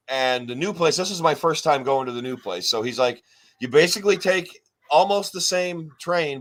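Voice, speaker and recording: A man co-hosting a podcast, telling a long rambling story in casual chat, swearing often and acting out what others said. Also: a little high. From New York State. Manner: rambling, profane, animated retelling. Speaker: podcast co-host.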